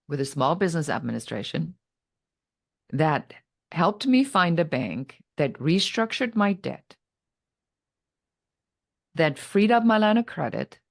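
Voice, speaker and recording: A woman's voice: deep voice, gravelly, dry recording, clean studio sound. A middle-aged woman, a podcast guest who tells her story dramatically and acts out her own past thoughts. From Germany. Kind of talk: personal story told in conversation.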